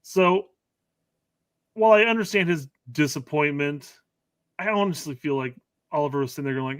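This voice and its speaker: A man's voice: fairly high pitch, moderate pace, long pauses, fairly bright tone, clean tone, no echo. A man co-hosting a casual soccer podcast, rambling and hedging with fillers. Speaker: podcast co-host. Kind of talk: casual sports chat.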